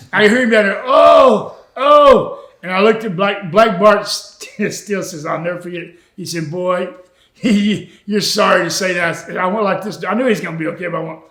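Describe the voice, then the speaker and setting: Older man with a high, chuckly voice. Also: a bit bright, reverberant. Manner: chuckling, folksy, peppers talk with "man". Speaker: retired wrestler telling road stories. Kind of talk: shoot interview, anecdotal storytelling.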